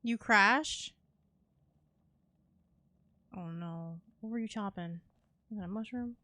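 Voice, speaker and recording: Young woman game streamer, easygoing chatter, slow delivery, dry close mic. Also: medium pitch, sharp tone, dry recording. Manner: playful, laughs often, talks to chat and teammates. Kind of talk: casual live-stream chat while gaming.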